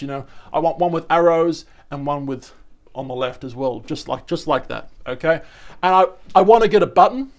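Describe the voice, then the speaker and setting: Aussie guy rambling to camera, slightly high voice, lots of restarts and asides. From Australia. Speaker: vlogger. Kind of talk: casual chat to camera.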